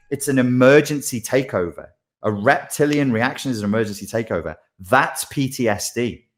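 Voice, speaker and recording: A man, a life coach, explaining his ideas in a loose, animated livestream monologue full of asides. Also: medium pitch, normal speed.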